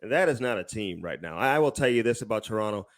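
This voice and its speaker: A man's voice: lowish voice, expressive, fast talker. A man hosting a podcast, opening the show and teasing his co-host in casual chat. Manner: teasing, chatty.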